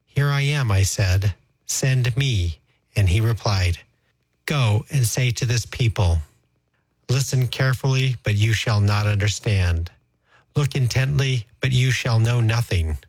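A man reads scripture in a slow, solemn and measured way, his voice sitting low. The sound is dry and close, with no room around it. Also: darkish tone, no room sound, low-quality recording. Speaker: scripture reader. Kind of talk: liturgical scripture reading.

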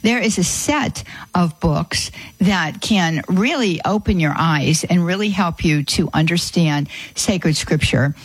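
A woman hosting a call-in radio advice show, speaking haltingly with many fillers and restarts. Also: fairly low pitch, breathy edge, no echo, rough recording.

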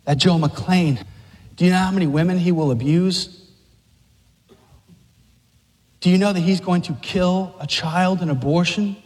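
A man's voice: high voice, normal speed, a little mellow, lightly acted. A man voicing a scheming male devil who whispers temptations and then gloats cruelly. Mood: wheedling. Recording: long reverb of a large hall.

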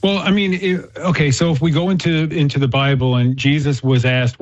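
A man's voice: fairly high pitch, steady tone, normal speed, no room sound. A Catholic man in casual conversation, earnestly explaining faith through a story, in a dull, muffled recording.

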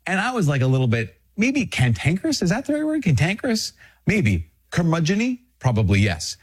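A middle-aged man, a priest, giving an earnest, animated talk with lively self-mocking asides. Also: a little high, a little fast, slightly rough. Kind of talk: podcast homily and video talk.

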